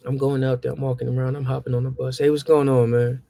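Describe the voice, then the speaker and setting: A young man with a gravelly voice and quick pace spins casual stories. He brings them to life by acting out his previous exchanges, animated and with rising pitch.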